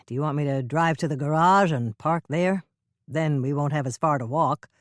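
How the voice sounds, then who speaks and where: A woman voicing a calm, kind male friend who speaks gently. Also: low-pitched, normal speed, dry recording, studio quality, close to an everyday voice.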